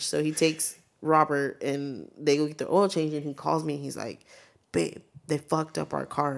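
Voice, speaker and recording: Low-voiced profane young woman co-host. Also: brisk, creaky. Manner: profane, animated storyteller acting out quotes. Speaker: podcast co-host. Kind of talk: casual chat.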